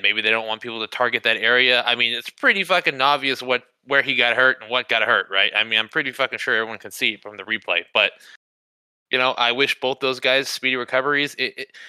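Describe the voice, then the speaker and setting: Guy cohosting a sports podcast, super bright crisp voice, swears a lot, dry close mic. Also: mid-range voice, no room sound, rough recording. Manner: profane, animated, says "bro" and "you know" often. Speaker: podcast co-host. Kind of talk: casual sports podcast chat.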